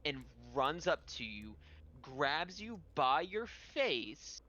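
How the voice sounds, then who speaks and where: A man narrating a tabletop game as game master, animated and rambling with fillers. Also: a little high, very slow, muffled recording.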